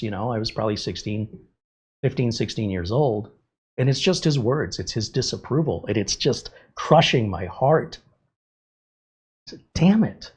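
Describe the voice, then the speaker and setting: A man's voice: medium pitch, slightly rough. A middle-aged man hosting a livestream, candidly telling a personal story in casual talk. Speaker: host. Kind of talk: livestream chat.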